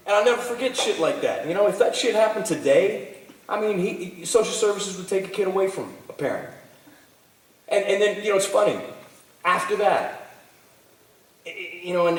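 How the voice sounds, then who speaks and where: A man, telling animated, profane stories at a convention panel, stammering and restarting as he goes. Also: fairly high pitch. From Texas. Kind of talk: profane anecdotal storytelling. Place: large convention hall. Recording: roomy hall, voice from far off.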